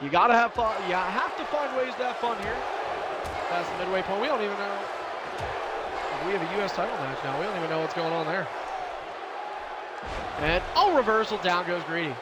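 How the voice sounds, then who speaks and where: A high-voiced man calls a video game wrestling match live, shouting at the big moves and cracking jokes in between. Behind him, a roaring crowd and heavy noise fill the stream. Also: fairly quick, pauses often. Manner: excitable, shouting at big moves, laughing asides. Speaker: play-by-play commentator.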